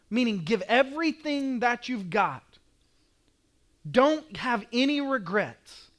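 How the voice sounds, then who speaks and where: A male pastor with an Oklahoman accent preaching a sermon, telling stories with animation and acting out scenes, sometimes rising to a shout. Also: sits high.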